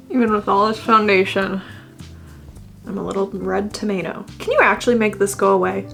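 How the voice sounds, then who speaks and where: A woman's voice: mid-range voice, steady tone, fairly quick, gravelly, over music. A young woman in her twenties chatting casually through a makeup attempt, self-deprecating, swearing freely and slipping into mock-dramatic wails. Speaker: beauty vlogger.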